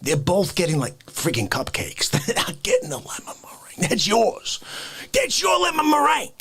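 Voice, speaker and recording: A man doing a celebrity impression of a cranky old man, ranting in a rambling way with husky whispers and sudden shouts. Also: fairly high pitch, wildly swooping pitch, moderate pace, exaggerated voice. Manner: rambling rant, bursts into shouts. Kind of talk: comedic improvised rant.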